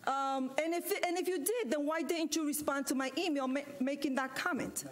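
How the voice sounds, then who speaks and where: A woman serving as vice mayor, giving a firm, emphatic statement at a city commission meeting and repeating her points with pauses. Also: sits high, fairly even intonation, slight background noise. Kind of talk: formal statement at a public meeting.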